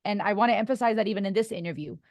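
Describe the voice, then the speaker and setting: A woman's voice: mid-range voice, rapid-fire, a little mellow, no echo, studio quality. A woman podcast host, a native German speaker, talking in an earnest, reflective way and laughing often during a casual interview.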